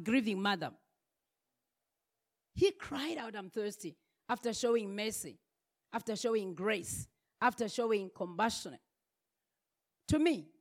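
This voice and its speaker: A woman delivers a sermon in a slow, deliberate cadence. Her voice sits fairly high, and she builds each point through emphatic, repeated refrains. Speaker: preacher.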